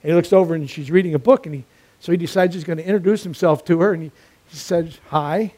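A preacher delivers a sermon fast, with emphatic, repeated phrases and a storyteller's ease. His mellow, warm voice sits a bit high for a man, and he builds his points through steady repetition.

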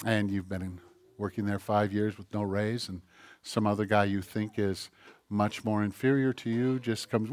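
A middle-aged man preaching a sermon, animated and self-mocking, firing off rhetorical questions. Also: lowish voice, normal speed, no room sound, clean studio sound. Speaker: pastor.

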